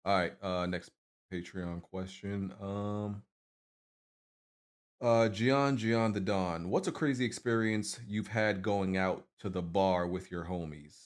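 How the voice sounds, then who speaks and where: A man's voice: deep voice, takes it slowly. A man on a casual podcast, ranting in a heated, slangy way. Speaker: podcast co-host.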